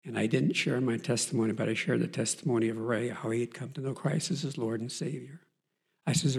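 A man's voice: mid-range voice, steady tone, a little fast, vocal fry, a little mellow, husky. A man earnestly telling his Christian faith testimony as a story, with frequent fillers and restarts. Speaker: person giving a Christian testimony.

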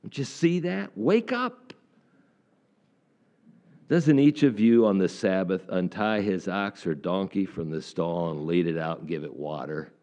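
A man's voice: deep voice, measured pace, darkish tone. A preacher voicing a stern male teacher who rebukes hypocrites with emphatic, rising lines. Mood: rebuking.

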